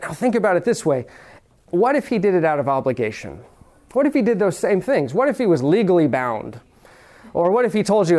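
A man with a fairly high voice delivers a sermon. He talks to the congregation like a conversation, throws questions at them, and slows right down on the words he wants to stress. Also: big pitch swings, a little mellow. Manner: conversational preaching, direct questions to the audience; slows down to stress key phrases. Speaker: pastor.

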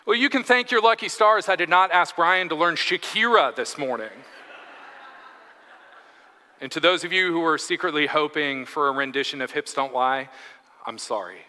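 A man's voice: a little high, fairly quick, pushed and bright. A man, telling a funny story as a chatty, self-deprecating guest preacher during a church sermon. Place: church sanctuary. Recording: echoey church hall.

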